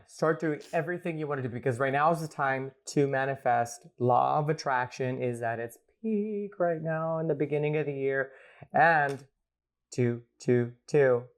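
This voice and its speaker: A man, a guest astrologer, talking playfully in a rambling, casual podcast chat recorded at home. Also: medium pitch. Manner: playful, rambling, laughs often.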